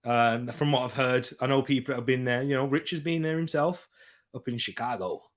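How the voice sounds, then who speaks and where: A young man hosting a live football watchalong, jumping between excited match calls and quieter chatter with viewers. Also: medium pitch, brisk. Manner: excitable, switches between loud hype and quiet chat reading. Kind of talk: live match commentary and chat reading.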